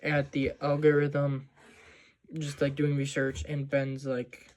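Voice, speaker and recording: A man's voice: mid-range voice, monotone, slow pace, a little mellow. A man casually recapping a movie scene by scene, rambling with lots of "like" and "um". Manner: rambling, full of "like" and "um". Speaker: movie vlogger.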